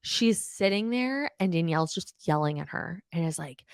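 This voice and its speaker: A young adult woman hosting a podcast, recapping reality TV in a casual, animated, exasperated way, swearing freely and mimicking the people she talks about. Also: fairly high pitch, fairly quick, no room sound, clean studio sound.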